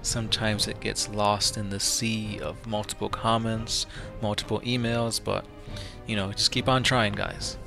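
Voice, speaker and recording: Gravelly-voiced man reading fan lore. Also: lowish voice, level tone, measured pace, music in the background. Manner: casual, filler-heavy sign-off. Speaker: channel host, lore reader.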